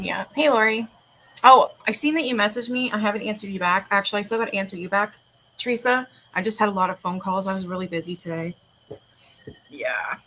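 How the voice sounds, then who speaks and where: A woman in her forties hosting a relaxed livestream from her home, her voice sitting in an ordinary middle pitch. She rambles between reading aloud and chatting, dropping casual swears, all through a sore throat. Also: slight background noise, low-quality recording. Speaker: livestream host.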